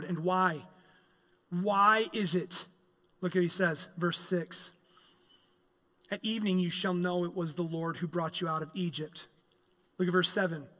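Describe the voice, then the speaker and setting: Bright-voiced male pastor preaching. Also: sits high, long reverb tail. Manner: emphatic preaching, swelling louder on key lines. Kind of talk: sermon. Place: church sanctuary.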